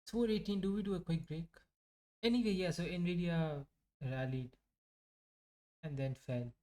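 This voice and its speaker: Mellow-voiced man rambling about trades. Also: fairly high pitch, normal speed. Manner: rambling, joking and self-mocking. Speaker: day trader reviewing his trades. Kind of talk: casual live trading commentary.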